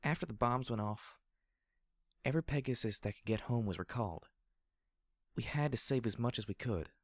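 A man voicing a fragile young female pegasus soldier, speaking in a soft, buzzing drawl that turns shaky and halting. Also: mid-range voice, lively intonation, dry recording, voice pushed up. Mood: soft, subdued. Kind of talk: audiobook character reading.

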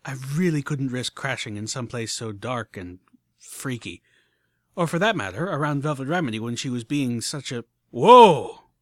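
A man narrating a story in the first person with expressive, animated delivery. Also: medium pitch, normal speed, dry recording, clean studio sound. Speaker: audiobook narrator.

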